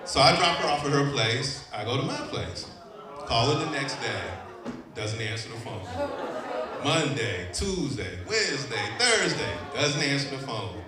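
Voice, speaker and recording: A man from Chicago telling a personal story live on stage, animated and often laughing. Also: medium pitch, a little slow, music in the background. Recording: echoey venue, distant mic, audience. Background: audience.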